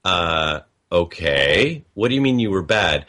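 A man's voice: deep voice, expressive, slow pace, bright, forceful tone. A man speaking in a personal reflective monologue, telling stories of calls he got and quoting the callers. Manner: conversational, storytelling with quoted callers, chuckles often.

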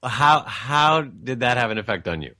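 Stammering talk show host, mid pitch. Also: male voice, lively intonation, pushed and bright. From US West Coast. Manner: halting, many fillers and restarts, laughs along. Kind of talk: casual interview.

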